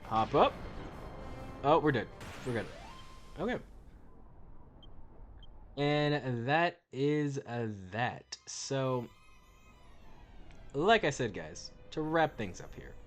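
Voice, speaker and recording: A man's voice: extremely slow, pauses often, faint music behind. A young man hosting a game video, mixing casual gameplay commentary with playful, slangy pep talk. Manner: playful, slangy, lively swings in pitch. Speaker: gaming video host.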